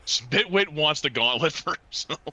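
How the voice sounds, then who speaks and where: Man player, lively and piercing tone, crude jokes, dry sound. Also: fairly high pitch, moderate pace, husky. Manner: blunt, profane, joking. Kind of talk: playing a tabletop game.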